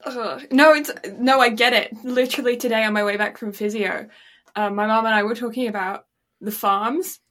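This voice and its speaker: A woman's voice: on the high side, fairly even intonation, normal speed, a bit bright. A woman co-hosting a podcast, chatting casually and breaking into giggles, with a playful, joking manner. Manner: giggly, playful, bursts of laughter. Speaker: podcast co-host. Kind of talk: casual chat.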